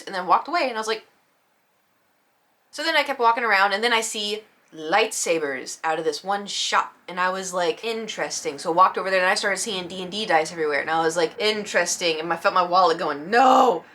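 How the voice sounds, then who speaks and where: A young woman talks quickly in a bright, sharp voice as she tells a story in a casual vlog. She rambles and pokes fun at herself, acting out her own reactions along the way. Faint room noise sits behind her. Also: medium pitch. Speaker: vlogger.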